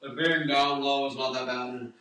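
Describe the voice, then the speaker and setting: Male singer, twenties, rambling vlogger tone, bright, echoey room with the mic at a distance. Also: mid-range voice, steady tone, moderate pace. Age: 20s. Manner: rambling, jokey, breaks into song snippets. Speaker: singer and guitarist giving vocal tips. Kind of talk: casual vlog with sung demonstrations.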